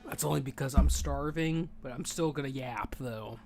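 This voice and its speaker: A man chatting casually while he plays a game, rambling and animated, saying dude a lot, and talking with his mouth full while he eats. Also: mid-range voice, moderate pace, creaky, music in the background. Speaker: gaming streamer. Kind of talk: casual gameplay chat.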